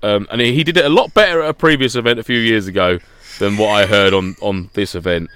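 Guy rambling through a story, laughing a lot, kinda low voice, dry sound. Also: quick pace, a bit bright, clear, resonant tone, no echo. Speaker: podcast co-host. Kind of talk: casual chat.

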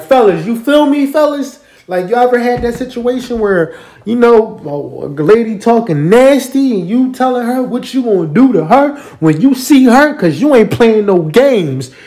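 A man casually telling a story straight to his listeners, animated and profane, often checking that they follow him. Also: high-pitched. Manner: animated, profane, keeps asking listeners to agree. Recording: roomy echo.

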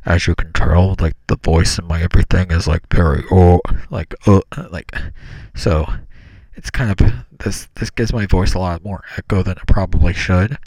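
A man's voice: low voice, fairly even intonation, normal speed, a little mellow, no room sound. A young man hosting a solo podcast, meandering with fillers and self-corrections, in a small room on a podcast mic. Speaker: podcast host. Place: small room, talking into his hand. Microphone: podcast mic cupped by hand.

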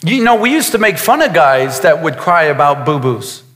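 A man's voice: a little high, big pitch swings, moderate pace, a bit bright, long reverb tail. A man preaching a sermon as a pastor, emphatic, with repetitions and asides to his congregation.

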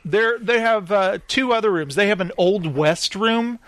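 A man telling a story in casual chat, lively and acting out the people in it. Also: sits high, measured pace, dry recording. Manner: animated, acts out the people in his stories.

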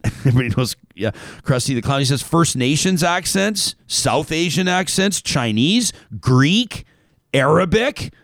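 A man's voice: on the high side, lively intonation, unhurried, fairly bright tone, no echo, clean studio sound. A man hosting a casual talk show, reading out a listener email and wandering off on tangents.

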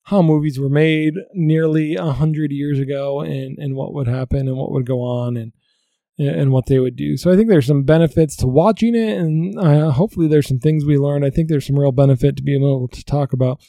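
A man hosting a solo podcast, retelling a film plot with fillers and restarts, his pitch jumping up when he quotes the characters. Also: fairly even intonation, a little fast, gravelly, mellow, dry recording. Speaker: podcast host. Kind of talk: solo podcast movie recap.

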